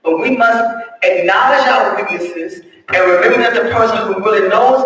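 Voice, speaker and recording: A woman pastor preaching a sermon in a conversational way, now and then breaking into loud, emphatic lines. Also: medium pitch, normal speed, slight background noise. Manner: conversational preaching, acts out prayers. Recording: echoey hall, voice far from mic.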